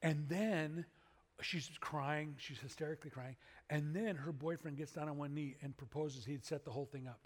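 A man preaches a sermon in a relaxed, conversational way. He swings between loud animated bursts and quiet earnest asides. His voice sits a little high and rings out in a big reverberant hall. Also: moderate pace. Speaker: pastor.

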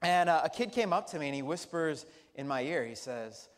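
A man's voice: on the high side, brisk. A man preaching a sermon as pastor in a church, telling stories in a chatty, humorous way. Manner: lively, chatty storytelling with humor. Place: church sanctuary. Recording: long church reverb.

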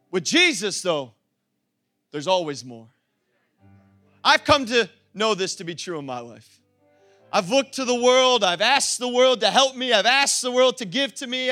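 A man preaching a lively sermon as pastor, laughing often and acting out quoted voices. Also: very high voice. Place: church.

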